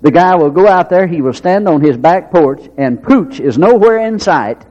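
Fairly high in pitch and lively in intonation, this man preaches at a moderate pace in a darkish voice. His folksy sermon leans on rhetorical questions and acted-out scenes with quoted voices, captured in dull lo-fi sound.

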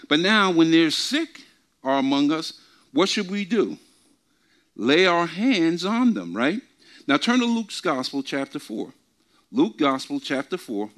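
A man teaching from the Bible before a group, often asking questions and repeating his words, reading scripture slowly with emphasis. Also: fairly high pitch, a bit bright. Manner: asks the congregation questions and repeats himself. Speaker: preacher. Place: church meeting before a group.

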